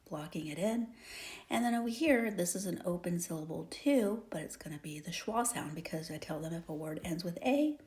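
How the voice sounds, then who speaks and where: A woman's voice: fairly low pitch, darkish tone. A woman teaching a phonics lesson, explaining step by step in a patient manner that often drops to a half-whisper. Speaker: reading teacher.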